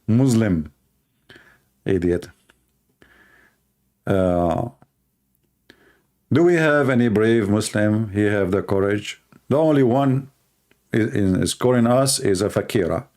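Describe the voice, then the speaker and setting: A man's voice: lowish voice, animated, slow pace, long pauses, a little mellow. A man hosting a live call-in debate stream, mocking and taunting his caller between bursts of laughter.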